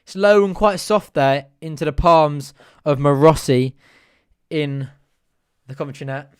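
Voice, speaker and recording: A young man calls a match live for fellow fans, chatty and partisan, breaking into excited shouting when chances come. His voice sits a little high, and it sounds dry and close with almost no room around it. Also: measured pace, clean tone, no room sound. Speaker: fan watch-along host. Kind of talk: live fan commentary.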